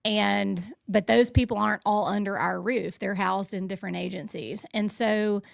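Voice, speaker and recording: Gravelly-toned woman explaining her legal work. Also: mid-range voice, steady tone, no room sound, clean studio sound. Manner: measured, conversational, with fillers. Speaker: state legal official guest. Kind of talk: interview answer.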